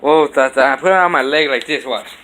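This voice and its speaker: A man's voice: medium pitch, fast talker, slight background noise. Young man telling a fight story with sound effects. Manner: animated storytelling, acting out blows with sound effects. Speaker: vlogger. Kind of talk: casual storytelling vlog. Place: home kitchen.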